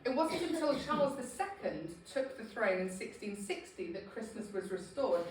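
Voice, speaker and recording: In a relaxed, joking presentation for a few listeners, a Scottish woman laughs at herself again and again, sounding very animated. Her voice is mid-range and her pace moderate. Slight noise sits behind her, and the echoey room makes her seem far from the mic.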